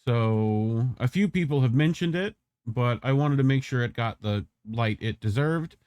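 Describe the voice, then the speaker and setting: A man co-hosting a podcast, riffing on the news with quick jokes and the odd curse. His voice sits at a middling pitch, recorded close and dry with no room sound. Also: darkish tone, clean tone, dry recording. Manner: joking, quick asides, swears. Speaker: podcast co-host. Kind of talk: casual commentary.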